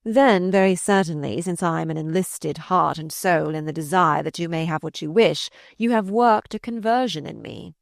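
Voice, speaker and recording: A woman reading aloud voices a sardonic, malicious older male courtier who mocks in slow, drawn-out phrases. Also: fairly low pitch, gravelly, no room sound, clean studio sound. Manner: mocking, drawn-out.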